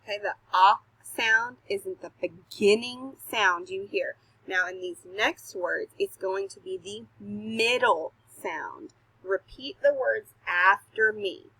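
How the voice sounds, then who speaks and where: A woman teacher talks young children through letter sounds in a recorded home lesson, slow and patient with careful pauses. Her voice is bright but a little breathy, and the recording is dry and close. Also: medium pitch, no echo, low-quality recording. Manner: self-deprecating, laughs at her own slips. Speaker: kindergarten teacher. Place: home recording, not a classroom.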